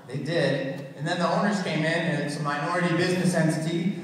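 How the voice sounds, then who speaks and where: A man's voice: on the high side, steady tone, fast, noisy background. A man in his thirties doing a crude, rambling stand-up comedy set on a theater stage. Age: 30s. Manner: crude, rambling storytelling with many put-on voices. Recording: echoey hall, from far off.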